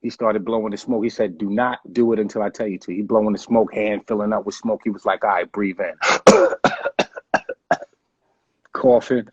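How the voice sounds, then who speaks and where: A man in an interview, telling a story in a relaxed way and swearing freely. His voice is husky and mid-pitched. The recording sounds dull and dry. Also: moderate pace, no echo. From United States. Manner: laid-back, profane storytelling. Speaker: rapper, interview guest. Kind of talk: casual storytelling.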